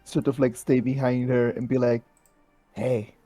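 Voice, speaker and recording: Tabletop player, mid-pitched, hesitant speech full of fillers. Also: flat delivery, a little fast, dark tone, no room sound. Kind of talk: tabletop role-play.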